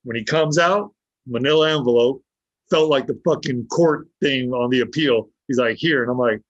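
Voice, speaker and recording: A man's voice: medium pitch, normal speed, dry recording. A man guest on a podcast telling a story, blunt and swearing freely, acting out what others said to him. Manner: blunt, heavy swearing, acts out quoted dialogue. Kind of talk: casual storytelling. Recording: dull lo-fi dry sound.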